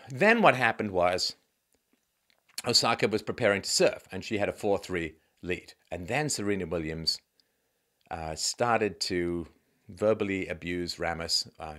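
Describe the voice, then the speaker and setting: Man, commentary vlogger, wry, sardonic, sighing asides, animated pitch. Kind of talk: opinionated commentary monologue.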